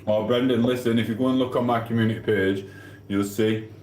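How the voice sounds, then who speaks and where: Chatting with livestream viewers from his home kitchen as he cooks, this man rambles casually, laughs a lot, and keeps asking "do you know what I mean." His voice is medium-pitched, steady, brisk, and darkish. The audio is reverberant with slight background noise.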